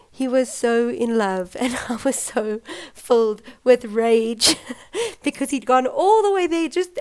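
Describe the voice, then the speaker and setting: A woman's voice: on the high side, a little mellow. A young adult woman telling her own birth story in an emotional, personal way, laughing often and acting out what others said. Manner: emotional, laughs often, acts out quoted voices.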